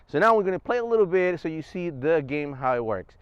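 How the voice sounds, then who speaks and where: Man with a smooth, dry voice. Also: a little high, fast, no echo, dull audio. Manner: relaxed step-by-step explaining. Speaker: service dog trainer. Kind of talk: casual instructional vlog. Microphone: wireless clip-on mic.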